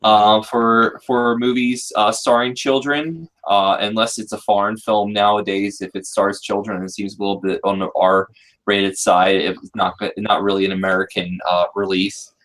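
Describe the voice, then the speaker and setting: A man's voice: lowish voice, little pitch movement, moderate pace, fairly bright tone. A man in his thirties hosting a casual group talk, rambling with many fillers and restarts. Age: 30s. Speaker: podcast host.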